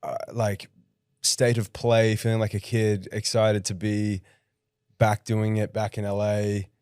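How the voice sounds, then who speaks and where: Young male guest, low-ish voice, laid-back halting chat, dry close mic. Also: clear, resonant tone, dry recording. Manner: relaxed, halting with restarts. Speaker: guest musician. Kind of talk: casual podcast chat.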